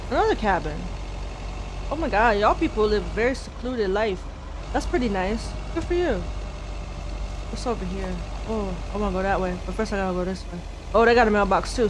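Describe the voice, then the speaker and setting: A young woman streaming a video game, chatting nervously and talking to her character as she plays. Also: medium pitch. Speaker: gaming streamer. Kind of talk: let's-play commentary. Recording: game sound and engine noise behind. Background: vehicle engine noise from the game.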